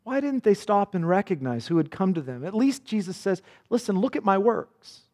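A man's voice: sits high, sing-song, normal speed, darkish tone, long reverb tail. A male pastor preaching a sermon with earnest emphasis, quoting scripture dramatically.

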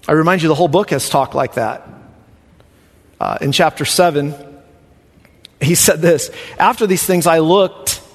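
A man preaching a sermon as pastor, swinging from soft, quiet passages to loud emphatic lines. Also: on the high side, normal speed, long pauses, husky, long reverb tail.

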